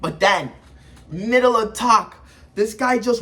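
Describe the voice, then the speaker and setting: A man reviews anime in casual, hyped commentary. His voice sits high and he talks with animated energy, full of slang and sound effects. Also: unhurried.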